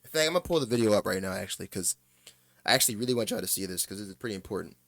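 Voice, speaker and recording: A man's voice: fairly low pitch, animated, very fast, creaky, fairly bright tone, no echo. A man giving casual reaction commentary, blunt, opinionated and profane.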